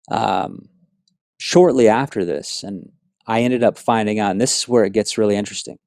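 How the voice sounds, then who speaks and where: A man from South Florida telling his personal faith testimony in an earnest, animated storytelling way, full of asides. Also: lowish voice, no room sound, clean studio sound. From South Florida, USA. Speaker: speaker giving a personal testimony.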